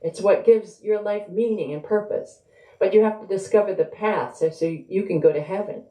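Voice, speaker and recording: A man's voice: high voice, moderate pace, dark tone, voice pushed up, natural voice. A woman doing an earnest young evangelist. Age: young adult. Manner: sing-song, insistent. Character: earnest young male door-to-door evangelist, polite and pushy. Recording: roomy echo.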